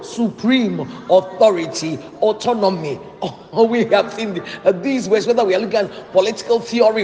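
A man's voice: high-pitched, darkish tone. A man preaching a sermon in a church hall, emphatic and repeating key phrases for stress. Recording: echoey hall with long reverb.

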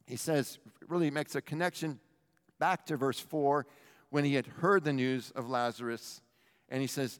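A middle-aged man preaching a sermon as pastor, animated and talking straight to the congregation. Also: mid-range voice, a little slow, clear, resonant tone. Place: church hall. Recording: long hall reverb.

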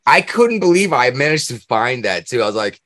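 A man's voice: medium pitch, sing-song, fairly quick, fairly bright tone, no room sound, studio quality. A man hosting a podcast in casual chat, rambling, laughing often and ranting with strong opinions. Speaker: podcast host.

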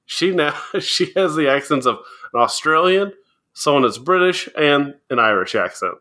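A man's voice: fairly high pitch, animated, normal speed, sharp tone. A man co-hosting a casual podcast chat, explaining things and often laughing as he goes. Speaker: podcast co-host.

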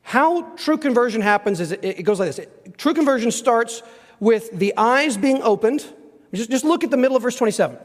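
A man preaching a sermon as a pastor, emphatic and conversational, slowing down to read scripture aloud. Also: extremely high pitch, lively intonation. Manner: emphatic, conversational, slows down when reading scripture. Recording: reverberant hall.

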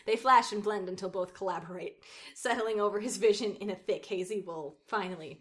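A woman's voice: mid-range voice, normal speed, fairly bright tone. A woman reading a story aloud, stopping now and then to laugh at it and mock its writing. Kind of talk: reading aloud with casual commentary.

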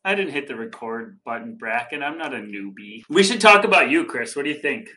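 A man's voice: mid-range voice, sing-song, fairly quick, bright, forceful tone. A man co-hosting a running podcast, joking and teasing in casual chat. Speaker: podcast co-host.

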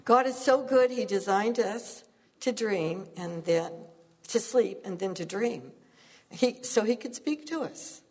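A woman's voice: mid-range voice, a little slow, a little mellow, slightly rough, big-room sound. A woman preaching a sermon, telling stories earnestly and laughing at herself now and then.

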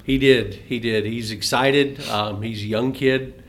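A man's voice: medium pitch, fairly even intonation, a little slow, slight background noise. A man co-hosting a casual podcast, giggling through his own jokes. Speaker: podcast co-host.

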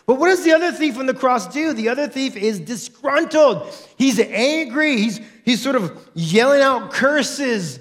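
A pastor with a high, light man's voice delivers a sermon. He preaches with animation and slips into the voices of the people he quotes. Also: animated, a little slow, a bit bright.

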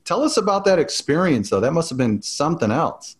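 A man hosting a podcast interview, complimentary and a little halting as he frames questions. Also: on the high side, sing-song. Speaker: podcast host.

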